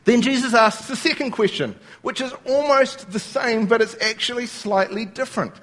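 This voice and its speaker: A man's voice: very high voice, normal speed, a bit bright. A man preaching a sermon, explaining scripture word by word and quoting lines as he goes.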